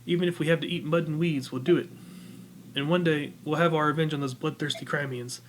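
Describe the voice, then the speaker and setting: A man's voice: fairly high pitch, steady tone, a little fast, slight background noise, natural voice. A man voicing a loyal soldier who speaks in a grim, urgent way. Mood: urgent, vengeful.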